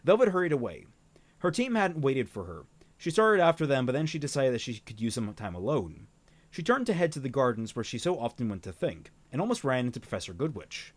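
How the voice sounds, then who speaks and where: Animated man reading a story aloud. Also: medium pitch, fairly quick, dry recording. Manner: animated reading, frequent fillers and restarts. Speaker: reader and streamer. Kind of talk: reading a fan novel aloud with commentary.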